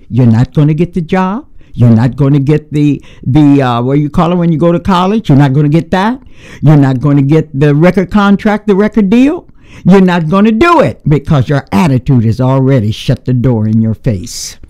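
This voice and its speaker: Man, radio host, emphatic, preachy, animated pitch, warm mellow voice. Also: normal speed. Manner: emphatic, preachy, rhetorical questions. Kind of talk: talk radio conversation.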